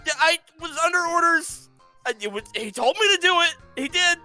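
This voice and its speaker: A man's voice: very high voice, slow pace, fairly bright tone, soft background music, pitched above the performer's own voice, heavily acted. A man voicing a big tattooed male thug who cowers, sobs and begs for his life in a tabletop game. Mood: groveling. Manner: shrieking, begging, panicked. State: crying.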